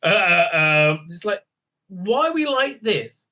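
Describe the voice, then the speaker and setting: A man's voice: high voice, big pitch swings, takes it slowly, sharp tone. A middle-aged man, casually recapping a TV episode in a rambling, profane way and often tagging on "right?". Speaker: TV show reviewer.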